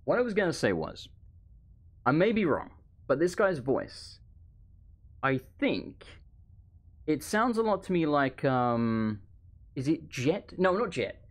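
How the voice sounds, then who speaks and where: Streaming a game live from home, a man with a high-leaning, very animated voice rambles on while overheated. He keeps chatting with viewers and throwing quick remarks to chat.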